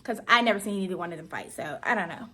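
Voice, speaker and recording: A woman's voice: lowish voice, animated, fast talker, pushed and bright, a little hiss or hum. A teenage girl from Georgia, telling a story in a chatty, slangy, playful way in a casual vlog. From Georgia, USA. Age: teens. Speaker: vlogger.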